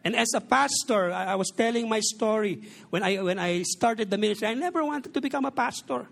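Pastor, forties, Filipino accent, gravelly voice, humorous sermon delivery with Tagalog-English mixing. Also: male voice, sits high, fairly quick, fairly bright tone. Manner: joking, mixes Tagalog and English.

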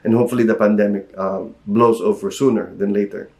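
A man with a Filipino accent preaching a sermon, telling a personal story in a lively way and acting out the voices he quotes. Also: fairly quick. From Philippines. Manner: animated storytelling, acts out quotes with sharp pitch jumps.

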